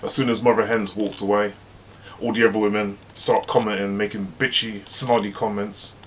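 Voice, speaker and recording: A man's voice: on the low side, level tone, normal speed, slight background noise. Chatty man telling a workplace story. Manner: chatty, anecdotal, emphatic asides. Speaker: host. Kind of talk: casual storytelling monologue.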